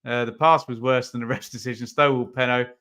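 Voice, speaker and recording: A man's voice: medium pitch, steady tone, fast talker, bright, forceful tone, clear, resonant tone. A man running a live football watch-along, chatting casually about the match and reading out viewer comments.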